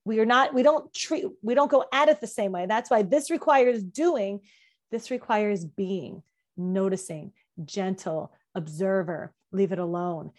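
A woman's voice: mid-range voice, a little slow. A middle-aged woman anxiety coach speaking on a podcast, emphatic, and often repeating key phrases for effect. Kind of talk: podcast conversation.

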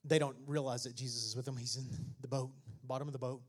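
A male pastor preaching a sermon, joking with the congregation and then building to shouted exhortations. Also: mid-range voice, fairly even intonation, quick pace, faint music behind. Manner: swings from conversational asides to shouted preaching; jokey, laughs at own remarks.

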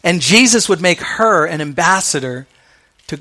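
Bright-voiced male pastor preaching. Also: a little high, lively intonation, normal speed. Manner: conversational preaching with slang asides; drops to soft, quiet delivery on key lines. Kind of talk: sermon.

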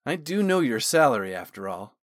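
A man's voice: mid-range voice, big pitch swings, brisk, no room sound, studio quality, lightly acted. A man voicing a playful, protective older brother. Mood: persuasive.

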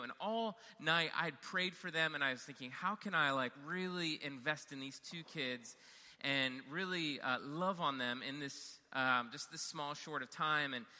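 Bright-voiced man telling a story in a hall. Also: medium pitch. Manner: self-deprecating, animated storytelling with fillers and restarts. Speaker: camp counselor telling a story. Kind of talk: storytelling talk.

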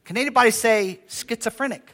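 High-voiced older man preaching. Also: a little fast. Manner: lively, conversational preaching with audience call-outs. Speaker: pastor. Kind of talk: sermon.

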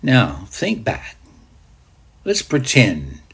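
A male preacher tells a sermon slowly, in a breathy, husky voice whose pitch rises and falls widely. He pulls the listener into the scene as "you", building to loud peaks and dropping to near-whispers. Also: wildly swooping pitch. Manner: dramatic guided storytelling, swinging from loud to hushed.

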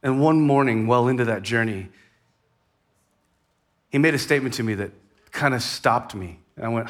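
A man preaching a sermon in a conversational way, rising in intensity and then dropping to a hushed tone. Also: medium pitch, normal speed, pauses often. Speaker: pastor.

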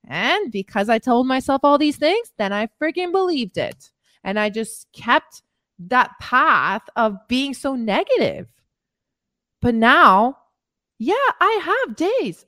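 Woman fitness coach, motivational podcast, high animated voice, dry close mic. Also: no room sound. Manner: emphatic, repeats phrases for stress.

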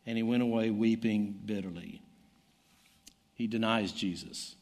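A man's voice: mid-range voice, measured pace. A middle-aged man with a Southern American accent preaching a sermon, reading scripture aloud with his voice lifting for the quoted lines. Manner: animated Bible reading, voice rising for quoted lines. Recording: long hall reverb.

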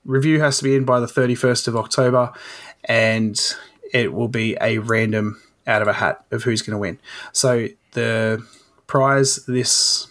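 Relaxed man hosting a podcast. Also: medium pitch, unhurried. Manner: relaxed, rambling with fillers. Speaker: podcast host. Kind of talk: casual podcast chat.

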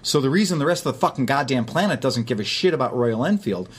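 A man's voice: medium pitch, fast talker, breathy edge. A man chatting casually as a podcast host, telling stories with lots of energy and swearing freely. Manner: animated storyteller, swears freely. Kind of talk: casual chat.

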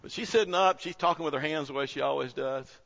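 A man's voice: fairly high pitch, fast, gravelly, a bit bright. A man, preaching a sermon to his church in a conversational style that rises into emphatic peaks. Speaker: pastor. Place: church sanctuary. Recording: dull sound with long hall reverb.

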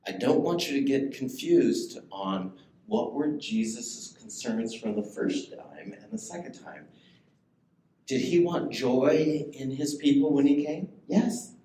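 A man's voice: medium pitch, slow, dark tone, slight background noise. A man preaching a sermon as pastor, talking in a conversational way and putting questions to the congregation. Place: church sanctuary. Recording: echoey church room, faint ambience.

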